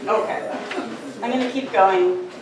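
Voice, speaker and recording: Slow woman poet in an echoey café. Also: mid-range voice. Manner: slow, deliberate reading with chatty asides. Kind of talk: poetry reading. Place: coffee house. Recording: very echoey, distant, noisy room. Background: coffee house din.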